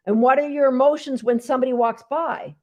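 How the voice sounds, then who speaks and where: Chatty high-voiced woman dog trainer. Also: steady tone, fairly quick, a little mellow. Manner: chatty and emphatic, talks straight to viewers. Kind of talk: casual live Q&A teaching. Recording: dull lo-fi sound.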